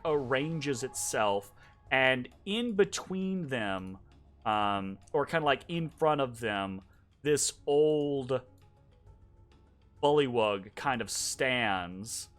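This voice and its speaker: A man running a tabletop game who talks slowly, stopping often with ums and likes as he builds the scene. His voice sits in a middle pitch, and soft music plays under him. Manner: halting, full of "like" and "um". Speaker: game master.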